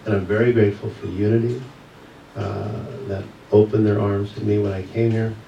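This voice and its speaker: A man's voice: on the low side, flat delivery, creaky, lo-fi sound, a little hiss or hum. Man telling a story in an echoey hall. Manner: storytelling with pauses and soft laughs. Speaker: guest speaker, yoga teacher. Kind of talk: personal story in a church message. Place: church sanctuary. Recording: echoey hall, mic from a distance.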